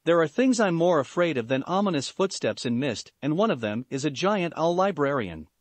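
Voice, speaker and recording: A man's voice: on the high side, very animated, normal speed, no echo. A man reading as a sarcastic young warrior. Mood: mocking. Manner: mocking, dry wit. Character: sarcastic young male warrior, cool-headed.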